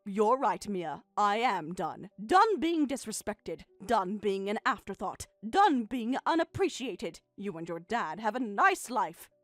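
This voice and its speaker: A woman's voice: medium pitch, very animated, measured pace, hardly any pauses, no echo, soft background music, pitched below the performer's own voice. A woman voicing a bitter, hurt middle-aged mother in a dramatized text-story reading, speaking in a cold, sarcastic, clipped way.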